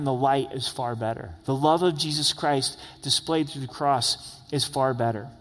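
Pastor, male, slightly high voice, earnest conversational preaching, long hall reverb. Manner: earnest, conversational, rising to emphatic questions. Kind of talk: expository sermon.

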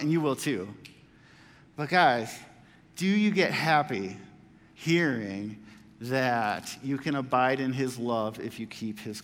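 A man giving a casual, conversational sermon as a pastor, swinging between loud emphatic lines and quiet asides. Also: medium pitch, big-room sound.

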